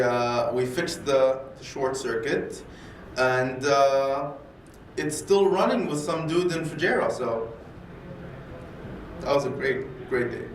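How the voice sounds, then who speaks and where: A man telling a story casually and animatedly, acting out the dialogue and repeating words when excited. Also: medium pitch, slight background noise. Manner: animated, acts out dialogue in voices. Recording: echoey room, distant mic, faint ambience.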